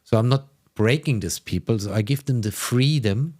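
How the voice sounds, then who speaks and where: A middle-aged man with a German accent, a dentist who runs clinics, answering interview questions in a relaxed, candid way and repeating words for emphasis. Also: medium pitch, normal speed.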